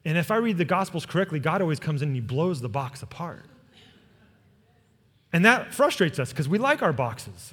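Middle-aged male pastor, sermon delivery, storytelling into prayer, long church reverb. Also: on the high side. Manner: storytelling with quoted voices, closing in soft prayer.

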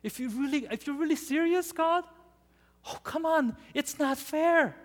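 A man acting out Moses as a desperate older man protesting to God in a high, whiny, childlike way. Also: measured pace, long reverb tail. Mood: desperate pleading.

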